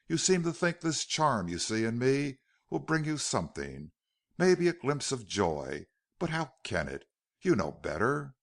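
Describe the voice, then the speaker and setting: Earnest, defiant young captive woman, read by a male narrator; gravelly, lively delivery. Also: mid-range voice, a little slow, voice pushed up, exaggerated voice. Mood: pleading.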